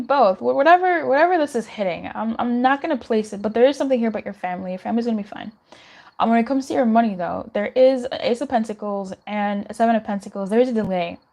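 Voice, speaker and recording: A woman's voice: fairly high pitch, a little mellow. A young woman doing a live tarot reading in a chatty, reassuring way, giggling and swearing now and then. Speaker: tarot reader.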